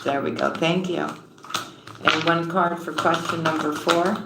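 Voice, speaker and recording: A woman reading tarot on a live stream and warmly greeting viewers, calling them honey and sweetheart. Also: low-pitched, level tone, a little slow, very noisy. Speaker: tarot reader. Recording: roomy echo with faint ambience.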